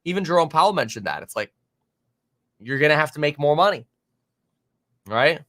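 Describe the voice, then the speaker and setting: A man hosting a live market stream, reading viewer comments aloud and reacting in an animated, exasperated, rambling way with many fillers. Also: a little high, normal speed. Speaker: market livestream host.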